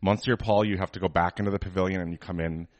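Deep-voiced man in casual chat. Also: steady tone, fast, no room sound. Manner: chatty, opinionated, many fillers. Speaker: podcast co-host.

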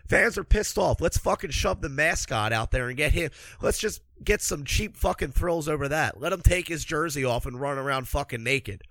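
A sarcastic man rants about his hockey team in a slightly high voice, swearing constantly. He sounds a bit stuffed up from allergies. The recording is close and dry. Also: expressive, normal speed, hardly any pauses, a bit bright, no echo. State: congested from allergies. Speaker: hockey commentator. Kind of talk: profane ranting sports commentary.

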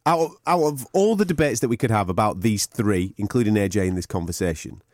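A man's voice: lowish voice, quick pace, no echo, studio quality. A man co-hosting a boxing podcast, emphatic and opinionated, hammering his points home by repeating them. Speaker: podcast co-host. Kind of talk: casual boxing chat.

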